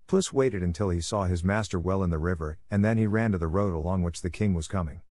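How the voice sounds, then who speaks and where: A man narrating a fairy tale in a steady, even storytelling manner, close to the mic. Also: sits low, quick pace, no echo. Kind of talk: scripted audiobook narration.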